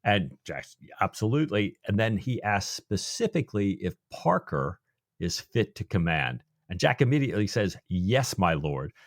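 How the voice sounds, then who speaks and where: A man's voice: lowish voice, moderate pace, no room sound, clean studio sound. A man co-hosting a podcast, chatting casually about a novel and acting out the characters' lines. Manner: animated, acts out characters' lines. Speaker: podcast co-host. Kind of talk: casual book discussion.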